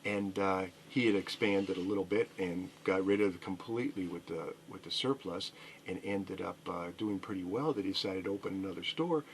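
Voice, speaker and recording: A man's voice: deep voice, brisk, a little hiss or hum. A middle-aged man who owns a record store, a radio interview guest telling a rambling story full of fillers and restarts.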